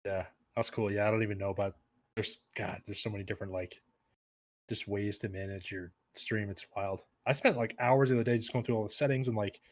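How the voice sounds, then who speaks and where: A man's voice: on the low side, fairly even intonation, a little fast. A young adult man, a podcast guest, chatting casually and rambling with many fillers and restarts.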